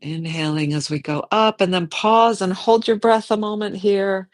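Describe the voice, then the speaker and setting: A yoga teacher guiding a slow movement and meditation class, in a gentle, unhurried way, thinking aloud and correcting themself as they go. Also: medium pitch, steady tone.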